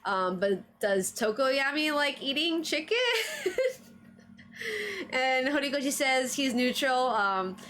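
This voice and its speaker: A woman's voice: high voice, expressive, slow pace, fairly bright tone, faint music behind. A woman streamer chatting casually on a livestream, full of fillers and frequent laughs. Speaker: streamer reviewing anime trivia.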